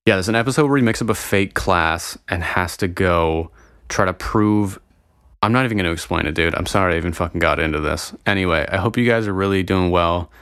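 A man's voice: low-pitched, brisk, fairly bright tone, smooth, no echo, studio quality. A young man chatting casually and profanely to his viewers, rambling and getting sidetracked as he talks. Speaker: vlogger. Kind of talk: casual solo chat to viewers.

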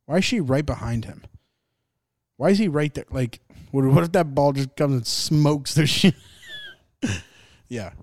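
A man's voice: a little high, unhurried, long pauses, darkish tone, dry recording, studio quality. A young man hosting a laid-back sports podcast, rambling, joking and swearing as he reacts to games. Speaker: podcast host. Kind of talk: casual sports chat.

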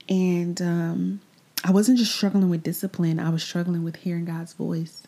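Podcast host, woman with a warm, lowish voice; confessional, unhurried, drifts to near-whispers. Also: little pitch movement. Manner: candid, reflective, drifting into soft breathy asides; repeats phrases, trails off into pauses. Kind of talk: personal faith podcast monologue.

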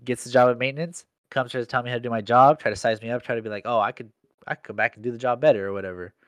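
A man's voice: mid-range voice, steady tone, rapid-fire, fairly bright tone, no echo, clean studio sound. A young man in casual chat, telling a work story in slangy speech full of "like". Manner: slangy storytelling, heavy use of "like".

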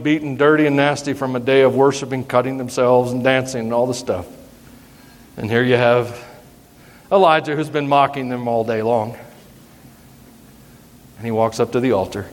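A male pastor preaching a sermon in an animated, humorous way, teasing his congregation. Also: medium pitch. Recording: long hall reverb.

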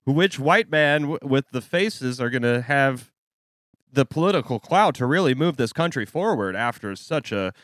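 Man in his thirties, co-host, wry deadpan quips, mid-pitched voice, dry close recording. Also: normal speed, dry recording. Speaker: podcast co-host. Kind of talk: casual comedic chat.

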